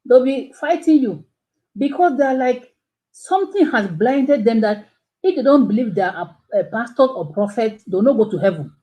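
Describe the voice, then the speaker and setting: A woman hosting a live stream, giving casual commentary in an animated way, full of rhetorical questions and exclamations. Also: a little high, moderate pace, low-quality recording. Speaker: channel host.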